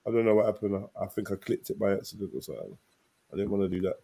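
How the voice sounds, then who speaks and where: A man's voice: on the low side, animated, racing, gravelly, dark tone, slight background noise. A man hosting an online panel who cuts in and repeats himself to hold the floor. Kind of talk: heated online panel debate.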